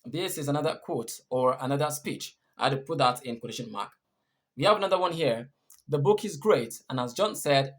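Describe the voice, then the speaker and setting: A man teaching English punctuation, patiently repeating and rephrasing each point. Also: medium pitch. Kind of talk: explaining punctuation rules.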